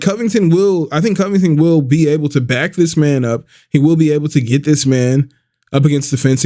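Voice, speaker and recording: A man's voice: medium pitch, dark tone. A man giving casual, rambling predictions on an upcoming fight as a video host, swearing now and then. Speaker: YouTube MMA commentator.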